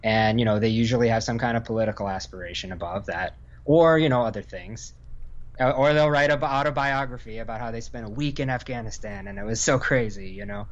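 A man's voice: mid-range voice, brisk, muffled recording. A man from Northern Virginia, an Army veteran, talking casually on a podcast with lots of fillers and restarts. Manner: rambling, many fillers and restarts. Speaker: guest, Army infantry veteran.

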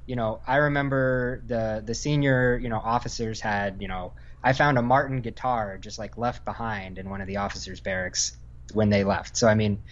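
An Army infantry veteran from Northern Virginia chats casually on a podcast at a moderate pace, rambling and restarting often amid plenty of fillers. His voice is fairly low with a steady tone. The recording's highs are cut off.

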